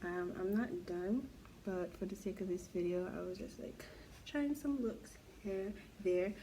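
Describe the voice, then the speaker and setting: Mellow-voiced woman telling gossip. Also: mid-range voice, a little slow, slight background noise, rough recording. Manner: gossipy, exclaiming, incredulous. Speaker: vlogger. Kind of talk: casual storytime chat while doing makeup.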